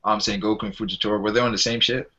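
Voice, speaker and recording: A man's voice: lowish voice, steady tone, rapid-fire, a loud crowd. A young man in a casual group debate, with laid-back, slangy talk. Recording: dull lo-fi online stream audio.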